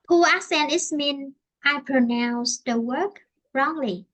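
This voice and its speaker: With a high-pitched, slightly bright voice, a woman from Vietnam leads an English class online. Her Vietnamese accent comes through as she speaks in a halting way, frequently restating and rephrasing herself.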